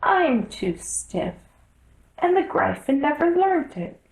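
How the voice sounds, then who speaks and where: A woman voicing a sad, sighing male Mock Turtle in a storybook reading, in a high, wavering, mournful voice. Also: big pitch swings, slow pace, creaky, darkish tone, echoey room, full character voice, rough recording.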